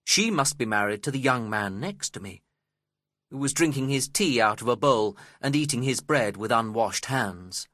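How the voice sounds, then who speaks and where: A man reading a story aloud as its narrator, in a slow, measured and expressive way. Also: medium pitch, dry recording, clean studio sound.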